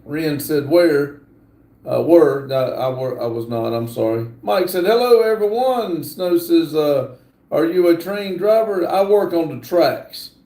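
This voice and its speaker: Slow, gravelly middle-aged man. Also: on the high side, expressive, dark tone. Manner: reads viewer comments aloud, halting and apologetic. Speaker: livestream host. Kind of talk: casual livestream chat. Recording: roomy echo.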